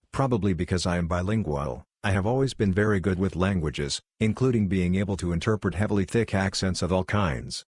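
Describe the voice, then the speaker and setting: Low husky male narrator. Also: dry recording, clean studio sound. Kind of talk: reading online posts aloud.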